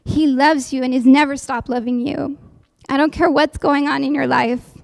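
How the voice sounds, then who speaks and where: A woman's voice: sits high, fairly even intonation, moderate pace, gravelly, no echo. A woman giving an earnest sermon-style testimony to a congregation, calling out for amens. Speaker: church speaker giving a testimony. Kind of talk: sermon with a recited poem.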